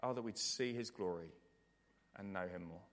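A man's voice: on the low side, normal speed. Earnest preacher man in reverberant church. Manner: earnest, repetitive emphasis, swings from loud to hushed. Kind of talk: sermon ending in prayer. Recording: long hall reverb.

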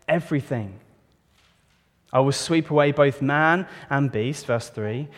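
A man preaching a sermon in a church, reading scripture solemnly and putting earnest questions to his listeners. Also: on the high side. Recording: long reverb of a church hall.

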